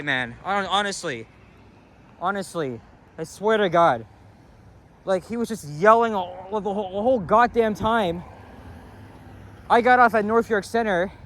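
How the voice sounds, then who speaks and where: Man, high voice, swearing rant, outdoor street walk, faint traffic. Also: a bit bright. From Canada. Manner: angry, profane, rambling rant. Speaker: walking vlogger. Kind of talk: casual ranting walk-and-talk.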